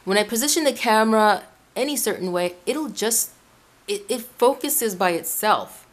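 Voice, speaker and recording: A woman from Ecuador chats straight to her camera in a room at home. Her voice sits at an ordinary middle pitch, and she talks in a loose, rambling way, often stopping to correct herself as she tells her viewers about her faith. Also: lively intonation, normal speed. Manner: chatty, rambling, frequent self-corrections. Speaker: Christian video blogger. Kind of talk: casual religious vlog talk. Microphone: camera in front of her.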